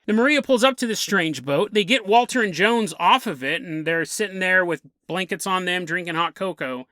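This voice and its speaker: A man with a bright, forward voice recounts a weird sea story for his podcast, casual and amused, often breaking into a chuckle. The sound is dry and close, with no room around it. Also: high voice, normal speed, few pauses, dry recording. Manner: chatty and amused, chuckling through the tale. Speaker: podcast host.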